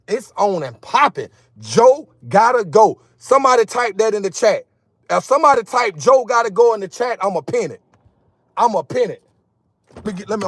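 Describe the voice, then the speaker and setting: A man live-streaming from his car, talking excitedly and emphatically to his chat in slang. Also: high-pitched, dry recording. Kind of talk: casual live-stream rant. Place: in a car at a gas station.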